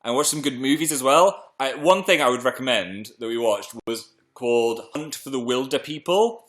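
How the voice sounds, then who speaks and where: Excitable British man, bright voice. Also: mid-range voice, normal speed. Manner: excitable, chatty, reads viewer messages aloud. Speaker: live streamer. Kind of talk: casual live stream chat.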